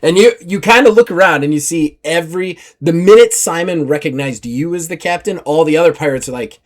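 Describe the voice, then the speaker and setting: A man narrating as game master of a tabletop role-playing game, animated and voicing the characters in quick bursts. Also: fairly high pitch.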